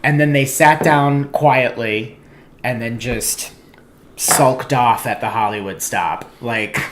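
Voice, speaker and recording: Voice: mid-range voice, slow pace, a bit bright. Comedian, casual story, wry asides, mid voice, faint noise behind.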